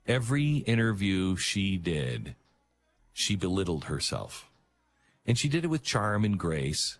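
Male talk host, low husky voice, earnest and emphatic, swings his pitch a lot. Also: big pitch swings. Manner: earnest and emphatic, halting restarts. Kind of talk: talk radio monologue.

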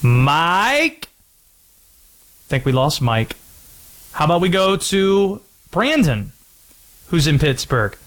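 A man's voice: fairly high pitch, lively intonation, slow pace, pauses often. A man hosting a sports talk radio show, taking calls and teasing callers.

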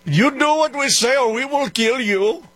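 A man's voice: extremely high pitch, moderate pace, fairly bright tone, no echo, voice pushed up. A man voicing a mocking caricature of a threatening male foreign leader, ranting in an exaggerated put-on accent. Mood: menacing mock.

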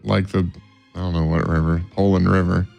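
A man's voice: deep voice, level tone, brisk, vocal fry, music in the background. Man co-hosting, telling a joking story. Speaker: radio show co-host. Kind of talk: casual chat.

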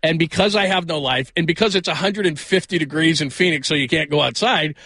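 Fill-in male sports radio host, rambling and jokey, bright voice, close dry mic. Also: on the high side, fairly quick, creaky, slightly rough, no room sound. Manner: rambling, self-deprecating, laughs often. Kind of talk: casual sports talk radio. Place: radio studio.

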